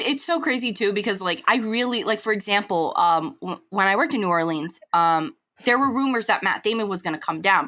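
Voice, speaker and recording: Young female podcast co-host, mid pitch, rambling giggly delivery. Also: sharp tone. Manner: rambling, giggly, lots of fillers. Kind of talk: casual chat.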